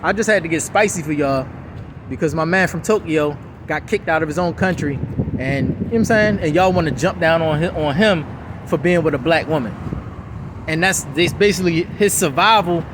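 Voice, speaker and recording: A man delivers a heated, preachy rant to camera, looping back to the same catchphrases. His voice sits high for a man. Faint street traffic hums in the background. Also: normal speed. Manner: fired-up, preachy, repeating catchphrases. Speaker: vlogger.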